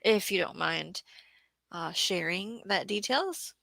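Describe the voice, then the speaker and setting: A woman hosting a casual gardening livestream, tired after a bad day, chatting and thinking aloud while reading viewer comments and clearing her throat often. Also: medium pitch, lively intonation, slow pace, pushed and bright, dry recording. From Southeast Florida. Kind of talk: casual live-stream chat reading comments.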